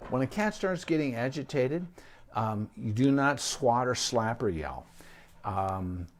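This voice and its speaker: A middle-aged man, a veterinarian, giving casual spoken advice with frequent ums and restarts. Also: medium pitch. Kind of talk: unscripted advice talk.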